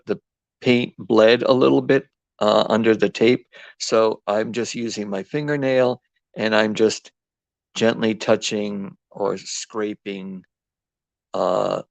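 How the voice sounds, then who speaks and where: A man's voice: lowish voice, gravelly, no echo, lo-fi sound. A man with an East Coast accent hosting a live craft demo, rambling and chatty with lots of ums and restarts. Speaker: craft host.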